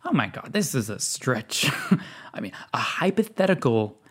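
A man's voice: mid-range voice, sing-song, measured pace, loud music behind the voice. Sarcastic man doing reaction commentary. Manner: sarcastic, scoffing, reads text aloud. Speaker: commentary video host.

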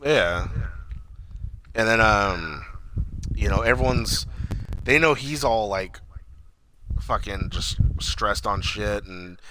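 A man's voice: on the low side, takes it slowly, pauses often, background noise. A man casually retelling a movie plot, rambling and swearing, with lots of "like" fillers. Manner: rambling, profane, full of "like". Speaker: podcast co-host. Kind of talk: casual movie recap chat.

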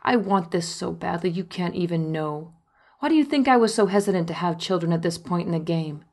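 A woman's voice: on the low side, animated, brisk, darkish tone. A woman reading the lines of a middle-aged man, an ill and tender father, in an earnest, pleading way in an audiobook memoir.

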